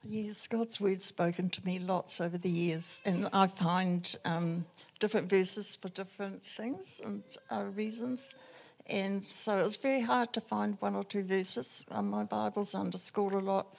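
Gentle woman chatting about her Bible. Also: mid-range voice, steady tone, measured pace, creaky. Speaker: group member sharing scripture. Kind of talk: casual sharing in a small group.

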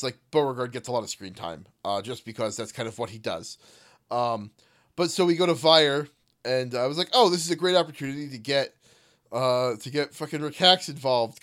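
A man tabletop player in casual chat, telling stories in a rambling, animated way and swearing casually. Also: medium pitch, clear, resonant tone. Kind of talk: casual podcast chat about a tabletop campaign.

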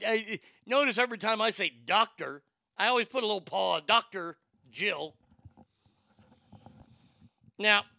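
A blunt, profane man hosting a talk show, rambling and restarting his sentences as he goes. His voice sits high for a man, with a gravelly, fried edge and a very bright, forceful tone. It is recorded dry and close, with no room sound. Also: no room sound. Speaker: podcast host. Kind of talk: casual opinionated chat.

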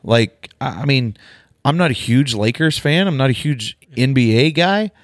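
A man's voice: mid-range voice, animated, normal speed, no echo, clean studio sound. A man hosting a casual podcast, talking in an opinionated, candid way with casual swearing. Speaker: podcast host.

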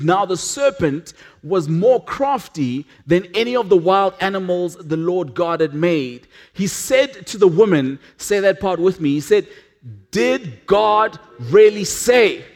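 A pastor preaching a sermon at a church service. He talks earnestly, often restarts his sentences, and drops into a hush for emphasis. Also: high voice, expressive, normal speed.

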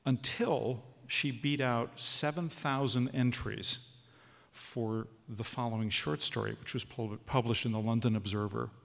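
A man introduces the next reading from a hall stage, halting and slow with many fillers. His voice is gravelly, and the long reverb of the hall surrounds it. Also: medium pitch, steady tone, a bit bright. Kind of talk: spoken introduction.

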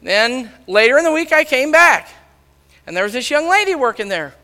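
Loud high-voiced male preacher in a hall. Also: sing-song, moderate pace. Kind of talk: sermon storytelling. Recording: long reverb of a large hall.

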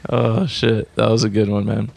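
A man hosting a podcast who asks questions in a relaxed, casual way. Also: lowish voice, moderate pace, gravelly, dry recording. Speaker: podcast host. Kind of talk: casual interview.

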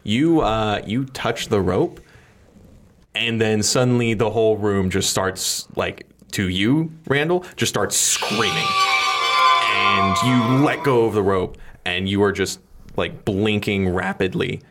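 Low-voiced rambling game master. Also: male voice, slow pace, a bit bright, faint music behind. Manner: loose, rambling, with many fillers. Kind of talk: narrating a tabletop game.

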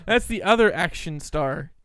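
A man hosting a casual radio talk show, joking and loose, talking in quick bursts. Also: high-pitched, lively intonation, fairly bright tone.

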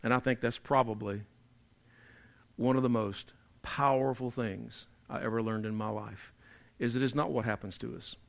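A man preaching a sermon, emphatic and repetitive, dropping low and quiet to drive points home. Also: fairly even intonation, moderate pace, creaky. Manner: emphatic preaching, repeats key phrases, drops to quiet for emphasis. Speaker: pastor.

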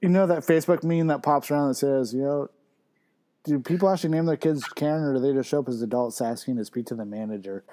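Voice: mid-range voice, fast talker, warm tone. A podcast co-host and editor chatting casually, teasing and laughing often. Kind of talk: casual chat.

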